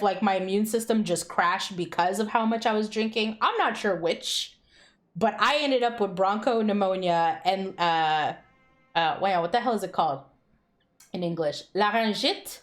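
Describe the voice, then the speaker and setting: A woman's voice: mid-range voice, a little slow. Chatty, salty-mouthed young woman streamer. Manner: chatty storytelling, swears freely, laughs often. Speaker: live streamer. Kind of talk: casual chat with stream viewers.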